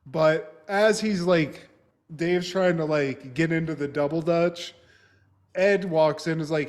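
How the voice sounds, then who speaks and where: A man's voice: on the high side, measured pace. A young man co-hosting a podcast, recapping a TV episode in casual, profane chat and acting out the characters' lines. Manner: profane, acts out characters' lines while retelling. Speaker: podcast co-host.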